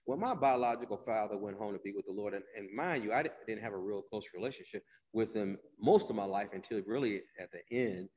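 Male preacher mid-sermon; soft drawn-out lines that flare into loud emphatic bursts, names people in the pews, long hall reverb. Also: fairly low pitch. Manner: drawn-out, repeated phrases, addresses listeners by name.

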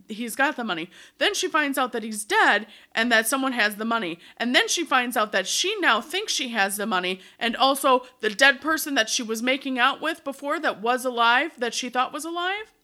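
A woman co-hosting a podcast, retelling a musical's plot in animated casual chat full of "like". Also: fairly high pitch, moderate pace. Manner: animated storyteller, lots of "like". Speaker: podcast co-host.

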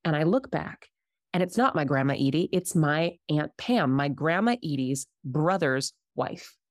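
A woman in her thirties, a Reiki healer, telling a personal story in a casual, animated way and acting out the voices of the people she quotes. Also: low-pitched, unhurried, dry recording, clean studio sound. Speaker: podcast guest, Reiki healer.

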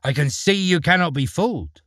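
A man's voice: a little high, lively intonation, moderate pace, fairly bright tone, dry recording, clean studio sound, pitched above the performer's own voice. A man voicing a sly old man who coaxes a boy into a trade with old-fashioned country talk in a storybook reading. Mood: coaxing. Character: sly, wheedling old man peddling beans.

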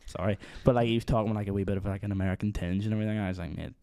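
A man's voice: lowish voice, steady tone, rapid-fire, dark tone, no echo, studio quality. A young man with a Northern Irish accent telling a rambling story in casual chat with friends, full of fillers and asides.

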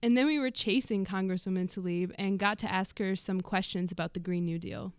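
A woman's voice: medium pitch, fairly even intonation, brisk, faint music behind. Woman host of a news show, mid voice, chatty and upbeat. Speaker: host and reporter. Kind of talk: casual news show hosting.

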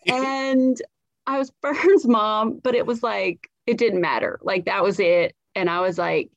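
A woman with a light Southern accent tells stories in a loose, chatty way, swearing often and restarting her sentences. Her voice sits at an ordinary pitch. The audio is dull and lo-fi, with a close, dry sound. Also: takes it slowly, no room sound. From South Carolina, US. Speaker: comedian guest. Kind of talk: casual podcast storytelling.

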